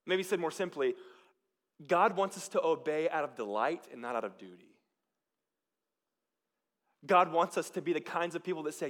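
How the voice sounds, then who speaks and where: Man, pastor, sermon, high voice, earnest, loud then hushed. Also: animated, moderate pace. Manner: earnest preaching with swings between loud emphasis and quiet, near-hushed lines.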